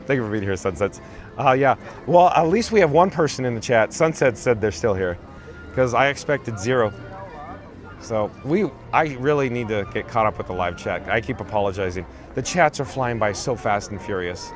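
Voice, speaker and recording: A vlogger hosting his channel's live stream outdoors on a handheld phone talks at a moderate pace in an animated, medium-pitched voice, faint music in the background. Standing on a theme park parade route, he chats loosely, hops between tangents, and reads comments from viewers.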